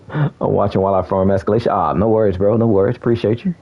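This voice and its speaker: Very low-voiced laid-back young man. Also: muffled recording. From South Florida. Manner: laid-back, laughs often, says "bro" a lot. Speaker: game streamer. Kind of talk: casual chat while gaming.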